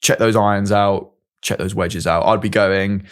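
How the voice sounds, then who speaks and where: A man's voice: on the low side, fairly even intonation, normal speed, smooth. A man hosting a podcast, chatting casually and jokily while giving gear advice. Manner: chatty, jokey, gives friendly advice. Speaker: podcast host.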